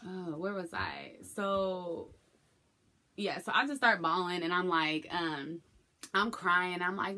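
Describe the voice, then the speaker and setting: Brief: young woman, low and bright voice, candid emotional vlog storytelling. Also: unhurried. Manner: candid, emotional retelling with acted quotes. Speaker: vlogger. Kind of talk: personal storytelling to camera.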